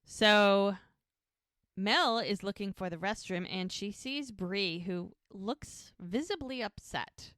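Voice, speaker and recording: Woman podcast co-host, mid pitch, dry close sound, chatty recap of scenes. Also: slow, a bit bright, dry recording. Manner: retells scenes with quoted dialogue, laughs often. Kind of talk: casual recap chat.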